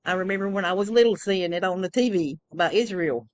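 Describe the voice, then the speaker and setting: A woman's voice: mid-range voice, fast, muffled recording. A woman rambling through a casual personal monologue, full of fillers and restarts. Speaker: vlogger.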